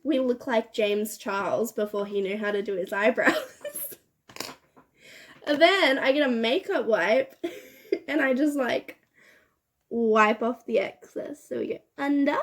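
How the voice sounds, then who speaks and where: A woman's voice: a little high, unhurried, pauses often. A young woman chatting casually while doing her makeup, laughing and swearing often. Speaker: beauty vlogger. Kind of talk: get-ready-with-me chat.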